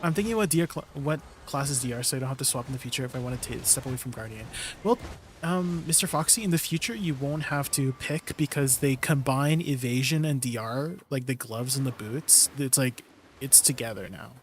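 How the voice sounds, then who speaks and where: A man's voice: medium pitch, brisk, slight background noise. A man casually chatting on a game stream, explaining gear and greeting viewers from chat.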